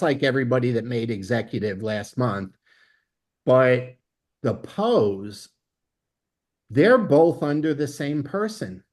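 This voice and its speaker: A man leading a network marketing training, speaking emphatically and often checking in with "okay?". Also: on the high side. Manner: emphatic, peppers lines with "okay?"; excitable, bursts of laughter. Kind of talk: motivational training talk.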